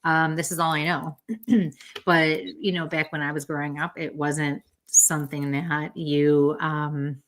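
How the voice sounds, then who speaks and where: Low-voiced chatty middle-aged woman. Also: little pitch movement, measured pace. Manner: chatty, laughs often, swears freely. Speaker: podcast guest, medium. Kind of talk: casual chat.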